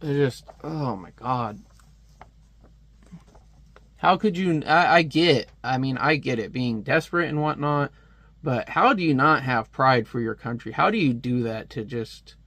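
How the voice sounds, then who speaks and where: A man giving a casual, animated comic book review, ranting and laughing as he goes. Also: mid-range voice, a little slow, no room sound.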